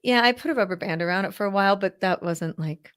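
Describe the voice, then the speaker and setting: A woman's voice: mid-range voice, quick pace, smooth. A woman co-hosting a casual talk show, encouraging and thoughtful, often drawing out her phrases. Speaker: podcast co-host. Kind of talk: casual chat.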